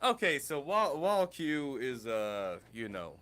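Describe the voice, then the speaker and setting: A man on a casual podcast talks in loose, rambling sentences full of fillers. His pitch swings widely, and he keeps pulling the talk back on track. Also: very animated, unhurried, a bit bright, a little hiss or hum. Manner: loose, rambling, filler-heavy, steers the topic. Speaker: podcast co-host.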